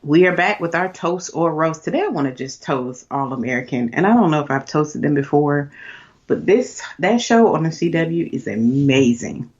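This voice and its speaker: A young woman co-hosting a podcast, chatty and animated, with lots of fillers. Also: low-pitched, normal speed, dull audio. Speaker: podcast co-host. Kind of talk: casual chat.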